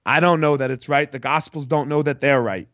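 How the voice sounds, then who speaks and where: A man's voice: a little high, brisk, fairly bright tone, no room sound, lo-fi sound. A man in his thirties hosting a motivational podcast, speaking bluntly with a lot of swearing and repeating lines for emphasis. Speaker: podcast host. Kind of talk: motivational monologue.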